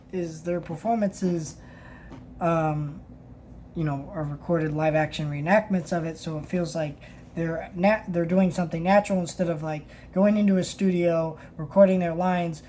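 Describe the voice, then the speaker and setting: A woman's voice: lowish voice, darkish tone, slight background noise. A woman casually reviewing a book, reading passages aloud and commenting, often stopping to restart her sentences. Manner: halting, many restarts and fillers.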